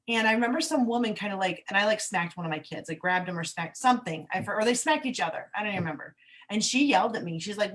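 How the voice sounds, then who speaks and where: A woman's voice: mid-range voice, fast talker, a bit bright. A woman hosting an interview and telling a candid, emotional story from her own life as a single mother. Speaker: host. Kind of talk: casual interview conversation.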